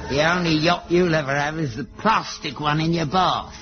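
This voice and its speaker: A man's voice: on the high side, moderate pace, muffled recording, a crowd in the background, lightly acted. An actor playing a stubborn, mocking old father, delivering dry sarcastic jabs in a sitcom. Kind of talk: sitcom acting.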